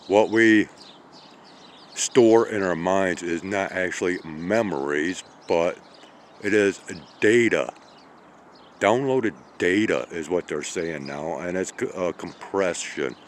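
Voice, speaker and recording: A tired man in his late fifties rambling through a slow monologue, checking in with "okay?" and "all right?" as he goes. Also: low voice, slight background noise. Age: 50s. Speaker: channel host.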